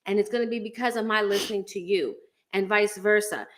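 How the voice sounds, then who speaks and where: A woman's voice: mid-range voice, a little fast. Woman, chatty, heartfelt, slight cough, casual live-stream co-host. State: coughing a little. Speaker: podcast co-host.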